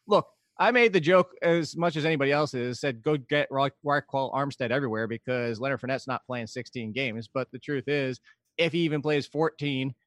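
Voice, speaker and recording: Slightly high-voiced man, dry sound. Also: a bit bright, dry recording. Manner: analytical, long explanations, laughs easily. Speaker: podcast co-host. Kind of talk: casual sports talk.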